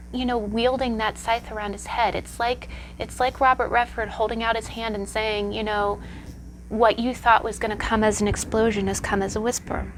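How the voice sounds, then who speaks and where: A woman's voice: mid-range voice, fairly bright tone, slight background noise. A woman giving a conversational tarot lesson, reflective and telling stories with many asides. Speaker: tarot teacher.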